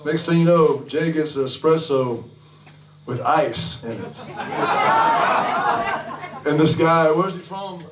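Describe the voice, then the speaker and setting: A man's voice: a little high, slow pace, long pauses, a faint crowd. A man fronting a band, telling a loose, rambling story between songs, swearing freely and chuckling, heard live on stage in a restaurant venue. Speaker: singer-songwriter and bandleader. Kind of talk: between-song stage banter. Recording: echoey live room from far off.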